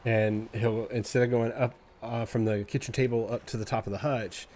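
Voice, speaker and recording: A man chatting casually on a stream, telling a lively story in loose, salty language and mimicking animal noises as he goes. His voice sits at a middle pitch, with a faint hiss running faintly underneath. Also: moderate pace. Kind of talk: casual chat.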